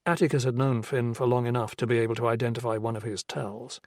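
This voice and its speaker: A man narrating a crime novel audiobook in a measured, even storytelling voice. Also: medium pitch, dry recording, clean studio sound. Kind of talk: scripted narration.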